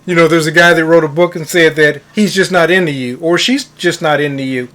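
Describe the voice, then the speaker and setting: High-voiced man coaching on manifestation. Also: steady tone, a little fast, a bit bright. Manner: storytelling, stresses words for emphasis; addresses listeners as guys. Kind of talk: casual monologue.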